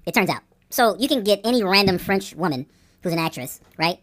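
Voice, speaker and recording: A man in his forties co-hosting a casual chat podcast, animated and excitable as he jumps from topic to topic. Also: high-pitched, moderate pace. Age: 40s. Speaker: podcast co-host. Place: Phoenix, Arizona.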